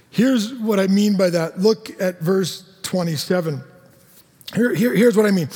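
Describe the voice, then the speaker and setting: A male pastor giving a sermon, earnest and sing-song, dropping to quiet emphasis. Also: high voice, measured pace, husky. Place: church sanctuary. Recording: long hall reverb.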